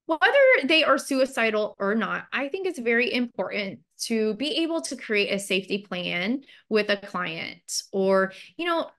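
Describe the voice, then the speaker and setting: A woman with a somewhat bright, medium-pitched voice presents a mental health counseling training webinar. She keeps it loose and chatty, leaning heavily on fillers such as "like" and "you know."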